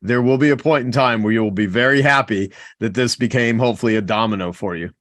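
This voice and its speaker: A man's voice: medium pitch, quick pace, fairly bright tone, no room sound, clean studio sound. A man co-hosting a business webinar on a video call, direct and emphatic. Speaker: webinar co-host. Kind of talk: webinar talk.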